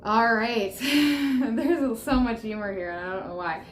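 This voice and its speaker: A woman with a fairly high, unhurried voice reads tarot to camera in a soothing, reassuring manner, repeating affirmations. The recording has a roomy echo with faint background noise.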